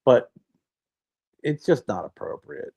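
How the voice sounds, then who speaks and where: A man co-hosting a podcast, responding in a measured, reflective way with casual swearing. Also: mid-range voice, expressive, vocal fry, warm tone, breathy edge. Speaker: podcast co-host. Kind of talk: casual chat.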